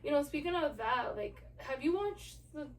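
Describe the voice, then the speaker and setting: A woman co-hosting a casual podcast, chatty and quick to laugh. Her voice is high. She sits a little away from the mic, with a faint hiss behind her. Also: animated, distant mic. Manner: laughs often, backchannels, chatty. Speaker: podcast co-host. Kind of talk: casual chat.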